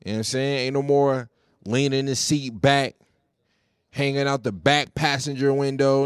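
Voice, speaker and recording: A man's voice: medium pitch, little pitch movement, moderate pace, clear, resonant tone, no echo, clean studio sound. A man hosting his own podcast solo, chatting in a laid-back, slangy way with plenty of cursing. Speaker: podcast host. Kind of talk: casual solo podcast chat.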